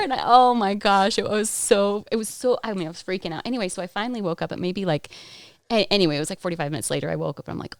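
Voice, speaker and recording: Woman interpreter, voices the guest's story in first person, animated, laughs a lot, close dry sound. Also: medium pitch, fast talker, clear, resonant tone, no room sound. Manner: animated, laughing often, many restarts.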